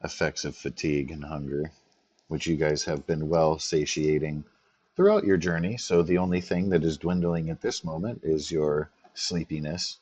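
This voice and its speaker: A man running a tabletop game as game master, explaining rules in a relaxed way. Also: rumbling low, moderate pace, slightly rough.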